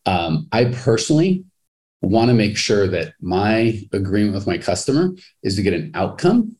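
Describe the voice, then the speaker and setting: Lively, low-voiced man hosting a podcast. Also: moderate pace. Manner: enthusiastic, swinging pitch. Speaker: business coach and podcast host. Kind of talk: podcast interview.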